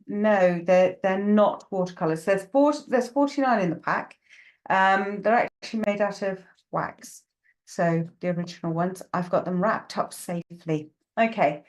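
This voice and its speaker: A woman, a psychic medium hosting a live-streamed reading show. She chats casually, greeting viewers one by one by name, with plenty of ums. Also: medium pitch.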